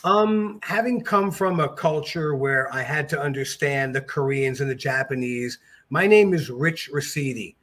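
A middle-aged man telling stories as a podcast guest, animated and jokey. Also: mid-range voice, a little slow. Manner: animated, jokey, mimics voices. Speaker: podcast guest, jiu-jitsu black belt. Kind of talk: casual storytelling.

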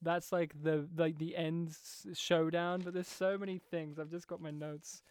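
A woman's voice: low-pitched, flat delivery, unhurried, darkish tone, no room sound, studio quality. A woman co-hosting a casual film discussion, laughing often and acting out the scenes she retells. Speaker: podcast co-host.

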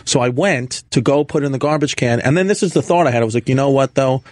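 A man's voice: medium pitch, quick pace, no echo. Man telling a childhood story, dry sound. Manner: excited, acts out quotes. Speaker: comedian guest. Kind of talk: storytelling on a podcast.

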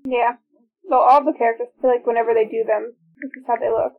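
Chatty woman with a gravelly, high voice. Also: fairly even intonation, fast. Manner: chatty, enthusiastic about trivia. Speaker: podcast co-host. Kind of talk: casual movie-watch commentary. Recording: phone-like narrow sound.

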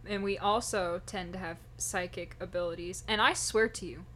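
A young woman co-hosting a casual podcast, playful and quick to laugh. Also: on the low side, steady tone, fairly bright tone, a little hiss or hum. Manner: giggly, playful, laughs often. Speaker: podcast co-host. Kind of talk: casual chat.

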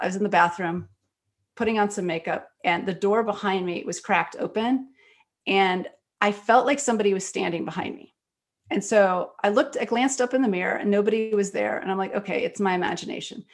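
Animated woman telling stories. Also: medium pitch. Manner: animated, quick storyteller with frequent fillers. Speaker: guest author and screenwriter. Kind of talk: conversational interview storytelling.

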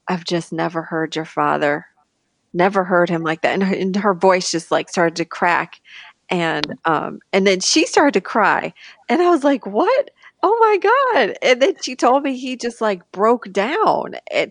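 A woman speaking candidly as a guest in a personal conversation, halting with frequent restarts and turning animated when she quotes others. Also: on the low side, vocal fry, no echo.

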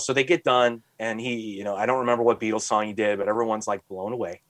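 A podcast host rants in a casual chat, his mid-range voice quick with few pauses on a dry recording. He sounds exasperated and mocking, animated throughout, and says "like" constantly.

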